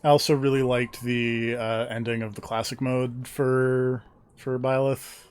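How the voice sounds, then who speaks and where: A man's voice: mid-range voice, level tone, measured pace, clear, resonant tone. A man chatting casually on a game stream, rambling and hesitant. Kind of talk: casual gaming stream chat.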